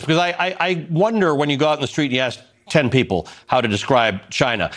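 A man's voice: mid-range voice, quick pace. A man anchoring a cable news show, reading quoted editorials and questioning his panel. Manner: lively, quotes editorials then reacts with incredulity.

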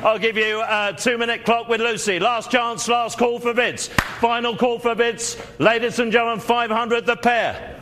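A man calling a live auction, running through bids quickly with frequent fillers. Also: very high voice, fairly even intonation, noisy background. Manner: rapid bid calling with many fillers.

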